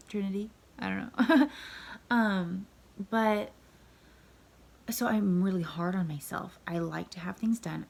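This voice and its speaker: Woman in her thirties, gravelly and husky, tired, candid rambling vlog talk, lowish voice. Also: a little mellow. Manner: candid, rambling, self-critical, often drops to a near whisper. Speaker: vlogger, mother and wife. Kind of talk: casual confessional vlog.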